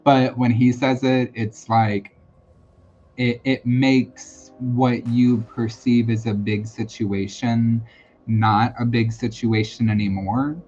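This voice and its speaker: Slow, unhurried man giving a psychic reading. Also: mid-range voice, little pitch movement, a little mellow, soft background music. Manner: casual and reassuring, many fillers and repetitions. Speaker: tarot reader and medium hosting a live stream. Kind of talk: live-streamed psychic reading. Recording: dull lo-fi sound with faint background noise.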